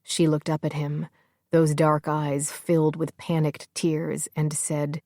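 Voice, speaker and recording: A woman narrating a fantasy audiobook in measured, even storytelling. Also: low voice, no echo, studio quality. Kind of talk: scripted fiction narration.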